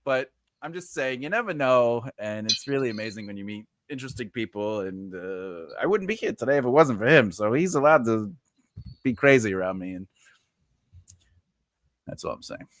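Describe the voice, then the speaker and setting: A man's voice: mid-range voice, animated, moderate pace. A man hosting a live stream, chatting casually, rambling with many fillers and frequent laughter. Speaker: host.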